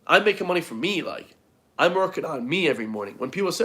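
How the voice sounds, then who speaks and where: Expressive and fast, his high, slightly bright voice drives a casual motivational rant aimed at his viewers. This fitness vlogger is blunt, curses freely, and peppers everything with "guys" and "bro."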